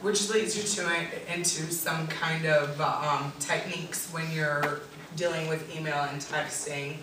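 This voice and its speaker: A tutor giving a practical workshop talk, speaking directly and with many pauses and ums. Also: medium pitch, fairly even intonation. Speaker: tutor and SI leader presenting. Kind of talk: workshop presentation. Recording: echoey room, distant mic, faint noise.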